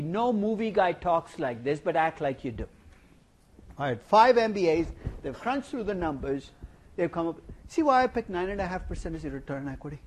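A middle-aged man giving a university finance lecture, animated and playful, asking the class rhetorical questions. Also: on the high side, normal speed. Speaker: finance professor. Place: lecture hall.

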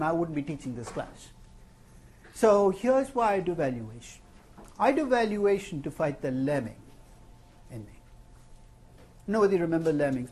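A man's voice: fairly high pitch, breathy edge. A man teaching a finance class, telling stories with wry humor. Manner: animated storytelling with wry humor. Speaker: finance professor. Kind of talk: classroom lecture.

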